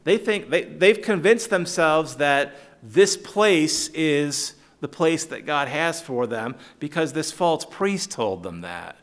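A man leading a Bible study in a relaxed, conversational way, retelling verses in everyday words and calling on listeners by name. His fairly high voice swings widely in pitch, and he chuckles often as he explains. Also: takes it slowly, hardly any pauses. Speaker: Bible teacher.

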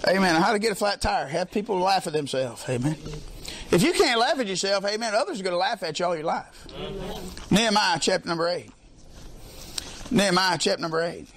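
A man preaching a sermon in a colloquial way, leading call-and-response with the congregation and often swelling into shouts. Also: high voice, expressive, fairly quick. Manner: colloquial, peppers lines with "amen", swells into shouts.

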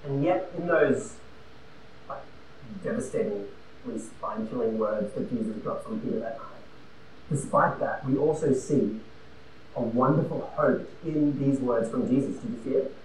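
A man preaching a sermon, emphatic and conversational, swinging between loud and quiet. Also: mid-range voice, moderate pace, a little hiss or hum. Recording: roomy and distant with faint ambience.

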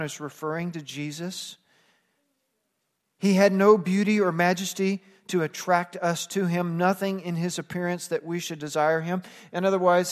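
A man with a notably high voice preaches with earnest conviction, breaking into casual everyday asides. His words ring out with a long reverb, as in a church sanctuary. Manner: earnest preaching, acts out plain-spoken asides. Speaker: pastor. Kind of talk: sermon.

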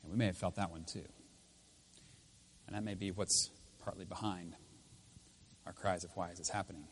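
A man preaching a sermon as pastor in a church, swinging between loud emphatic lines and quiet intense ones. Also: low-pitched, steady tone, normal speed, slight background noise. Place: church with speakers.

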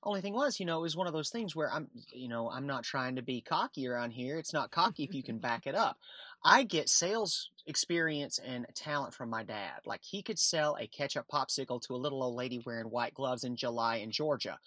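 Man, bright ringing tone, dry close sound, animated self-deprecating guest storyteller. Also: medium pitch, brisk, no echo. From Alabama, USA. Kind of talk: casual interview storytelling.

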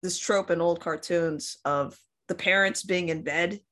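A woman's voice: fairly low pitch, fairly even intonation, measured pace, a bit bright. A woman co-hosting a podcast in casual chat, wry and conversational, sometimes acting out quotes. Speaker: podcast co-host.

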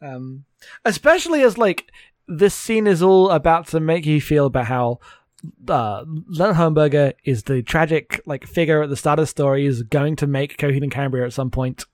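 A man's voice: on the high side, normal speed, no room sound. A man co-hosting a podcast, recapping a book in a sardonic, laughing, rambling way on a close mic. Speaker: podcast co-host. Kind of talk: comedic book recap chat.

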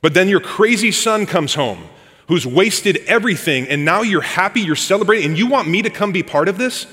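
A man's voice: high voice, animated, fairly quick, bright, forceful tone, voice pushed up. A man voicing a resentful young older brother who complains indignantly, in a reverberant hall. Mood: aggrieved.

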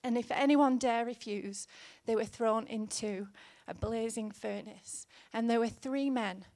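A woman in her thirties preaching a sermon in an earnest, gently conversational way, with fillers here and there. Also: a little high, measured pace, no echo.

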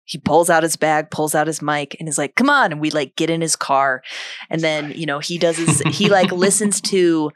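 A woman co-hosting a podcast who chats casually in excited, slangy talk. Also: deep voice, moderate pace, no room sound, clean studio sound. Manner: enthusiastic, slangy. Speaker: podcast co-host. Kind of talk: casual chat.

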